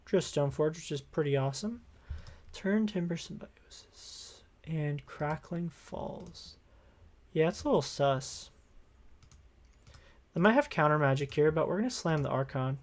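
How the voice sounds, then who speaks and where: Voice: medium pitch, animated, measured pace. A streamer giving casual live commentary while playing a card game, thinking aloud in an upbeat, easygoing way.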